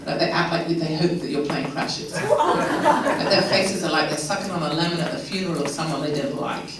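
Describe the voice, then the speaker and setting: A woman from England with an English accent, giving a chatty, animated Q&A talk to a live audience with laughing asides. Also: sits low, normal speed, crowd noise. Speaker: guest speaker. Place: event hall. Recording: echoey hall, mic far off.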